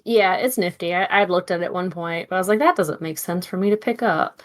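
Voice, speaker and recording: A woman's voice: on the low side, a little fast. A woman playing in a tabletop game, explaining rules in a matter-of-fact, casual way. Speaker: player.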